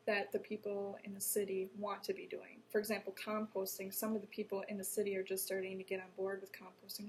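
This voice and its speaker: A woman's voice: medium pitch, monotone, quick pace, hardly any pauses, a little hiss or hum, low-quality recording. A woman from Wisconsin, a horticulture educator explaining plainly as an interview guest.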